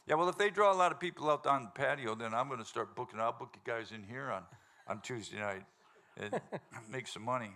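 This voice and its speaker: A man's voice: mid-range voice, a little fast, pushed and bright. A man hosting a live music show, chatting and joking loosely with a laughing crowd from the stage. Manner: joking, rambling, laughs often. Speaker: show host and band singer. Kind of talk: casual stage banter before a live audience.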